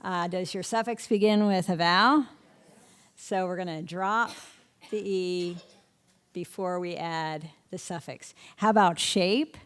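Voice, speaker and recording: A middle-aged woman teaching spelling rules to a room of teachers, firing quick questions and often answering them herself. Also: on the low side, a bit bright, clean tone. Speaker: literacy instructor. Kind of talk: spelling lesson to an audience of teachers.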